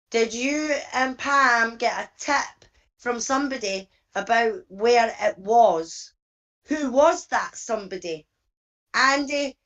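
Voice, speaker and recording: A woman on a casual group call reading a viewer's message aloud in a measured way. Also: on the high side, a bit bright, poor audio. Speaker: podcast panelist.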